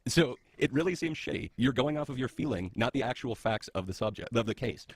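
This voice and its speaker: A man's voice: medium pitch, animated, a little fast, slightly rough, dry recording. A man in a debate, insisting on the details and turning sarcastic. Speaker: debate participant in a played clip. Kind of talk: heated debate clip.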